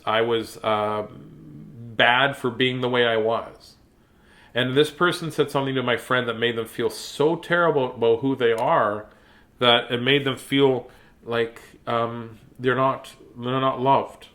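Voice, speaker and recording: Earnest man talking gently to kids. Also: medium pitch. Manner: gentle, earnest, speaks directly to children. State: choked up. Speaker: children's story reader and host. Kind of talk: reading aloud to kids, then heartfelt talk.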